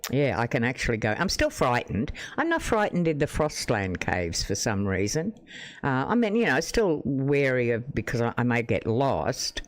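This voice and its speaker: A chatty man talks to his stream audience at a mid pitch, drifting from thought to thought and breaking into laughter now and then. He speaks into a desk microphone at home. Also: big pitch swings, moderate pace. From Australia. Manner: chatty and rambling, laughs often, restarts sentences. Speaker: live streamer. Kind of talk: casual live-stream chat with viewers. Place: home room.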